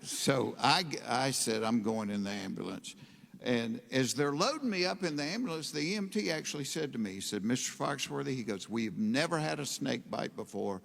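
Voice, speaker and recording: A man doing stand-up, telling a drawling, deadpan story on stage and punching up the loud punchlines. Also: mid-range voice, moderate pace, vocal fry. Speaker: stand-up comedian. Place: stage in a large hall. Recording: hall reverb.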